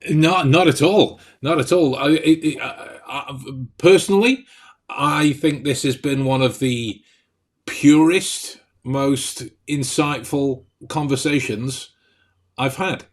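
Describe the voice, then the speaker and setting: A man's voice: a little high, slow. A man hosting a podcast interview, mostly offering short agreeing remarks to his guest. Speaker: podcast host.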